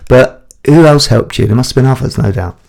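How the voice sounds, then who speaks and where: This is a man hosting a podcast, with a gravelly, mid-pitched voice. He questions his guest in a friendly, encouraging way and laughs along with the guest's stories. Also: fairly quick, a little mellow. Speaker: podcast host. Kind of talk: casual interview chat.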